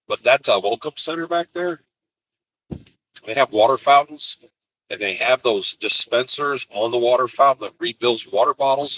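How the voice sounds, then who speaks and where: A man's voice: mid-range voice, fairly bright tone, slight background noise, poor audio. A man from Colorado who drives a truck, telling rambling stories in a chatty, casual vlog and laughing easily. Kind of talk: casual storytelling.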